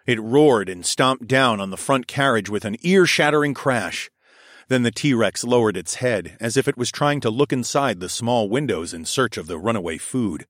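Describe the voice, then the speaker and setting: Brief: young male audiobook narrator, mid-pitched, steady storytelling, very dry close sound. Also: normal speed, no echo. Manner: steady storytelling, voicing his own lines louder and higher. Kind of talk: first-person audiobook narration.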